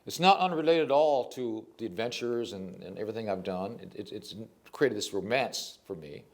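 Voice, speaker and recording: An older man, a poet, telling stories in a casual interview, animated and rambling, with frequent restarts. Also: on the low side, moderate pace.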